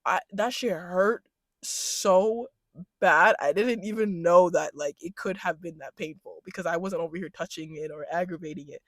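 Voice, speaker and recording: A young woman vlogger telling a story in casual chat, slangy and animated, laughing often and switching into loud mocking voices when she quotes people. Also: on the low side, moderate pace, no echo, clean studio sound.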